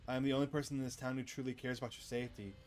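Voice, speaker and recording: A man reading a mysterious young man who follows someone and gives slow, menacing warnings. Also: medium pitch, level tone, a little mellow, faint music behind, lightly acted. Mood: ominous.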